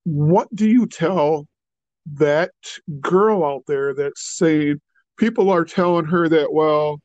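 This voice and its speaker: Low-voiced woman host, dull dry sound. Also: takes it slowly, darkish tone, dry recording. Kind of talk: interview questions.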